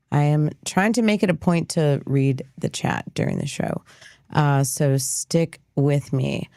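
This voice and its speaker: A woman with a low, deep voice hosts a live news commentary show, and she talks slowly and easily. Her delivery is chatty and rambling, full of fillers and small restarts, and the sound is dry and close. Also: gravelly, dark tone, no echo. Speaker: host.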